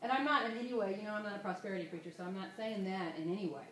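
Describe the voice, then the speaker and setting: A woman leading an informal Bible study, emotional, moving between soft asides and loud exclamations. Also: mid-range voice, rapid-fire, echoey room.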